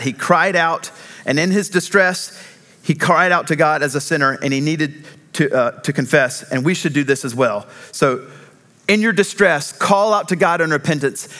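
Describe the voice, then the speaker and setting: A man preaching a sermon in an earnest, emphatic way, slowing down on key phrases. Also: fairly high pitch, pushed and bright. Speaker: pastor.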